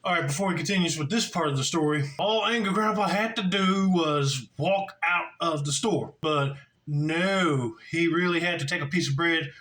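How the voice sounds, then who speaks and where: A man's voice: fairly high pitch, normal speed, sharp tone, poor audio. A man reacting to a video clip with mild, disbelieving commentary.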